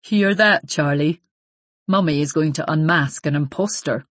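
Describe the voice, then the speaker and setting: A woman's voice: sits low, measured pace, a bit bright, no room sound. A woman reading a wry, teasing young husband. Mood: amused. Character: good-humoured young husband, gently teasing.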